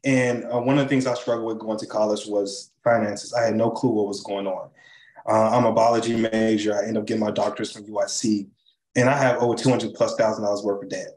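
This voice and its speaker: A man from Chicago, a charity leader, talking as an interview guest over a video call in an animated, enthusiastic way, with many fillers and tag questions. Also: lowish voice, quick pace, reverberant, poor audio. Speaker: charity CEO and co-founder, guest.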